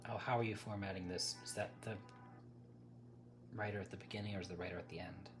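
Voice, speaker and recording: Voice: sits low, steady tone, fast talker, over music. A livestream host chatting casually with viewers, rambling, breaking off mid-thought and laughing often.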